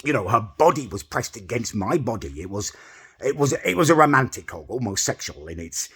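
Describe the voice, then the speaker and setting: A man's voice: mid-range voice, very animated, fairly quick, a bit bright, husky. A man telling an exasperated, sweary comic story to camera in a self-important way. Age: adult, older than mid-twenties. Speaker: storytelling host.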